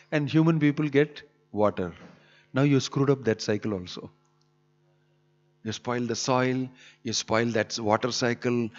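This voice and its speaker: A man giving an emphatic scripture sermon in a temple hall, pressing his points with rhetorical questions. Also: mid-range voice. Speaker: preacher. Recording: dull lo-fi hall recording with long reverb.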